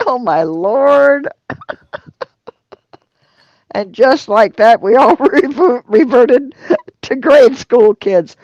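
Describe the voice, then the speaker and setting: A woman with a high, very lively voice hosts a relaxed live stream, reading chat comments aloud and giggling often. She speaks at an unhurried pace, with drawn-out exclamations. The sound is close and dry. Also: no room sound, highs cut off. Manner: drawls exclamations like "Oh, Lordy". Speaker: livestream host reading chat.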